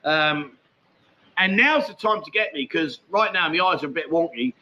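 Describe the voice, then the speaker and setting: A man's voice: on the high side, expressive, moderate pace, lo-fi sound. A man hosting a casual live chat show, rambling and matey as he answers viewer comments. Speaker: livestream host.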